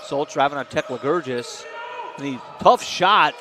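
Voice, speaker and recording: A man calling live basketball play-by-play, quick and excitable, rising on big plays. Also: fairly high pitch. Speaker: play-by-play announcer. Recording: noisy gym broadcast.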